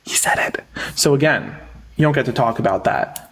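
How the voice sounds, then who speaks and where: A young man from rural Pennsylvania hosting a debate livestream, combative and quick, laughing often. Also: mid-range voice, big pitch swings, creaky, fairly bright tone, breathy edge, whispered.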